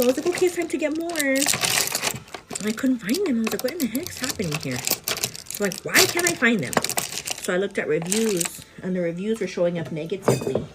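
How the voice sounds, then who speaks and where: A woman's voice: medium pitch, heavy background noise. Chatty pregnant woman vlogging while getting ready. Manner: chatty and animated, lots of fillers. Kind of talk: casual get-ready-with-me chat. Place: indoors at home, getting ready.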